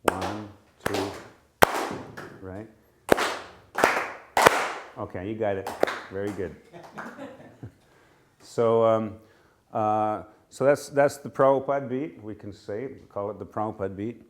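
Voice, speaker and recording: Casting: man, informal class leader, slow and unhurried, easygoing and self-correcting. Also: lowish voice, slight background noise. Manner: relaxed, halting, self-correcting, chuckles at himself. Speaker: music teacher leading a class. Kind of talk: informal live class instruction. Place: temple room with a live group.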